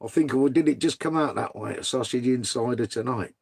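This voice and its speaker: A middle-aged man with a gravelly, creaky voice chats loosely with viewers during a live stream. He talks casually and swears freely, calling everyone mate or son. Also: medium pitch, fairly quick, darkish tone. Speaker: livestream host reading chat.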